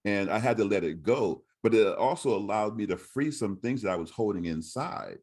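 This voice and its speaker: A man's voice: on the low side, lively intonation, moderate pace, a little mellow. A man on a webinar panel who speaks reflectively and personally and asks pointed follow-up questions.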